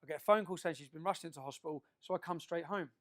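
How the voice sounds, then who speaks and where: A man speaking to an audience in a forceful, emphatic way. His voice sits fairly high for a man, and he keeps tagging his points with quick questions to the crowd. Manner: emphatic, with frequent tag questions. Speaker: public speaker. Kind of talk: speech to an audience.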